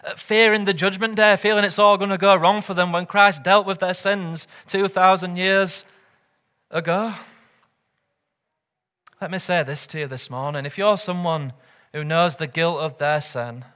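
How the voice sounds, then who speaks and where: A man's voice: high voice, steady tone, measured pace, sharp tone, smooth. A man preaching a sermon as pastor, earnest, often asking the congregation rhetorical questions. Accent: British or Commonwealth English.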